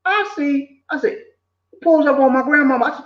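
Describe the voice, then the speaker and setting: Older guy, high pitched, preachy life-advice vlogger, echoey room, muffled lo-fi. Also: normal speed. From southern United States. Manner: preachy, animated, repeats himself, slips in quoted voices. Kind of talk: casual motivational talk. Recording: echoey room, dull lo-fi sound.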